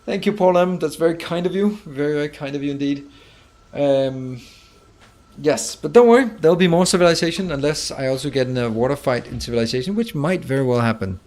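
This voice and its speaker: A man's voice: a little high, fast talker, a little mellow. Man muttering through live gameplay. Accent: Danish. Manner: muttering to himself, exasperated outbursts. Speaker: game streamer.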